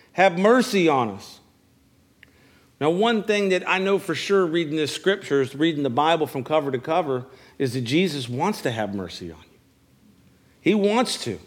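Male pastor, fairly high voice, preaching to a congregation; repeats phrases, stammers a little on restarts. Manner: preaching with call-and-response questions. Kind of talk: sermon. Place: church service.

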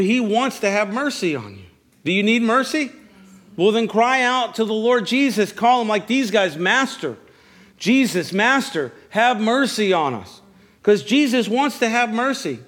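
Male pastor, fairly high voice, preaching to a congregation; repeats phrases, stammers a little on restarts. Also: animated, normal speed, a bit bright. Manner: preaching with call-and-response questions. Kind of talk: sermon. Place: church service.

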